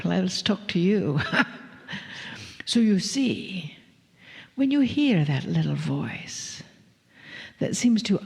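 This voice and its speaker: Slow gravelly woman channeling in echoey hall. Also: on the low side. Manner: slow and breathy, drifting into whispers with soft laughs. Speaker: channeler addressing a live audience. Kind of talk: channeled spiritual message.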